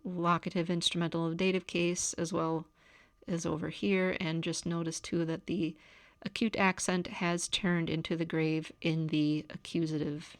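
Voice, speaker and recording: Low-voiced woman teaching grammar. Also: unhurried, dry recording. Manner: calm, step-by-step explaining. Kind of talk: recorded grammar lecture. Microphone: camera.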